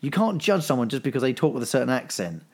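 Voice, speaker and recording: A man's voice: mid-range voice, very animated, fast talker, darkish tone. Rambling man chatting as a podcast guest. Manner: rambling, many restarts and repeated words. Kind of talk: casual chat.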